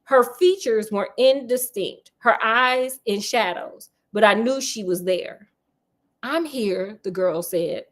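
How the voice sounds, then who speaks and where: A woman with a voice on the high side reads slowly, with hardly any pauses. She's a storyteller reading a spooky children's novel aloud, breaking off now and then for sassy, laughing comedic asides.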